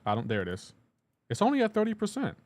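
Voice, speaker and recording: This man streams a game live, his high, darkish voice swinging hugely in pitch as he talks fast. He reads comments, greets viewers by name, and keeps the chat loose and casual while playing.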